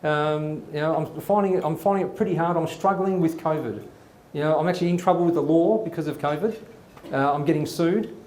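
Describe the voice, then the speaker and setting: A man's voice: a little high, fairly quick, a little mellow, echoey room, a little hiss or hum. A man hosting a live comedy show, telling rambling stories with lots of fillers. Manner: rambling, chatty, many fillers. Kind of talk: live stand-up storytelling. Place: studio before a live audience.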